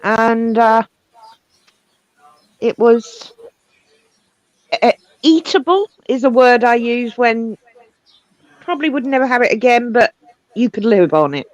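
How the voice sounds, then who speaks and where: A woman with a higher, lively voice that moves around a lot, speaking in a dry, matter-of-fact way in a livestream chat. The sound is dry and close. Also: slow, long pauses, no echo, rough recording.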